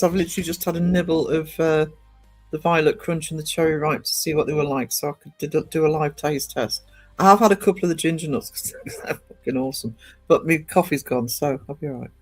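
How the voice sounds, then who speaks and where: A woman from northeast England chatting on a casual livestream, reading out viewer comments and rambling with lots of ums and restarts. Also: sits low. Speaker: live streamer.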